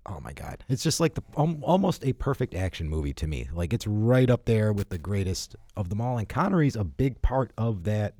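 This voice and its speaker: Man, podcast co-host, warm mellow voice, dry close sound, enthusiastic, rambling. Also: fairly low pitch, very animated, a little fast, hardly any pauses, dry recording. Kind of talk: casual chat about movies.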